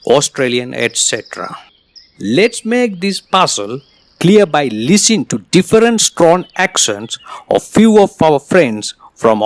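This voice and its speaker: A man whose first language is Spanish, narrating an English lesson in a lively explanatory tone. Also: on the high side. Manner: lively explanatory tone, slightly non-standard grammar. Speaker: English teacher. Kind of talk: scripted narration.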